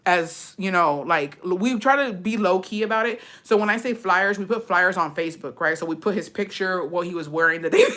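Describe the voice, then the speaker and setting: A woman's voice: fairly low pitch, slight background noise. A young woman telling a story in a casual vlog, swearing freely and acting out the voices of the people in it. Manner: profane, animated storytelling, drifts into Spanish words.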